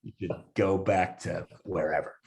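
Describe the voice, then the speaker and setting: A male comedian, a guest on a podcast, telling a story in a casual, animated way with lots of fillers and restarts. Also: deep voice, moderate pace, creaky.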